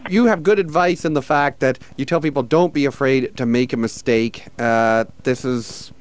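A male radio host with a smooth, resonant voice asks measured, polite questions. He pauses on fillers now and then as he frames each question. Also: medium pitch. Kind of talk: radio interview.

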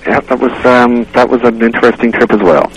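A man on a radio show, fondly recalling a trip in a relaxed way with many pauses. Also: medium pitch, a little hiss or hum, low-quality recording. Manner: relaxed, reminiscing, hesitant fillers. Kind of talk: casual radio chat.

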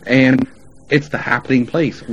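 A man's voice: mid-range voice, little pitch movement, unhurried. A male radio host chatting in an upbeat, promotional way about places to stay and eat, with frequent "uh" fillers. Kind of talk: promotional travel and dining chat. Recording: dull lo-fi radio audio with faint noise.

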